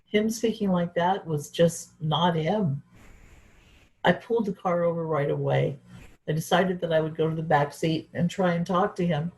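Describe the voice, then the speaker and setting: Gravelly-voiced woman telling a personal story. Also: lowish voice, a little mellow, rough recording. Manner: earnest, reflective storytelling. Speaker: event speaker.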